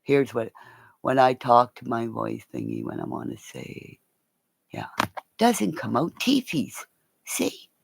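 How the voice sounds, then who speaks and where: A woman's voice: slow, creaky, pauses often, breathy edge. A woman hosting a casual livestream, rambling and swearing as she chats to her viewers by name. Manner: rambling, profane, talks to viewers; animated, jumps between high and low tones. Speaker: livestream host.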